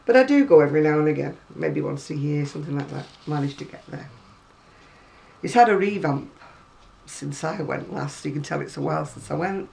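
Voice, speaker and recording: Rambling at home with dry little asides, this woman from Britain flips through crochet magazines for her vlog, speaking British English. She talks briskly and expressively in a low, creaky voice that's a little mellow, captured on a rough recording.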